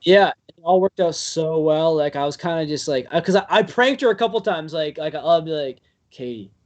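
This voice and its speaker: A young man, a podcast guest, telling stories in a rambling, animated way full of fillers. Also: fairly high pitch. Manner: rambling, filler-heavy, animated with quick bursts. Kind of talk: casual storytelling chat.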